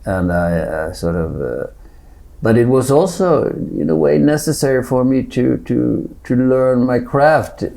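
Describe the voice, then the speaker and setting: A man in his seventies with a Swedish accent, a guest on an interview podcast, talking in halting stretches with many restarts and repeated words. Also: medium pitch, expressive, creaky, dark tone. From Sweden. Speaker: guest actor.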